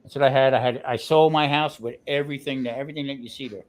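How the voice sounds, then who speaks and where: A man with a New Jersey accent, telling stories in a casual chat, animated and full of restarts. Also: medium pitch, fast talker. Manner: animated storyteller, restarts often. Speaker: guest cook on a grilling livestream.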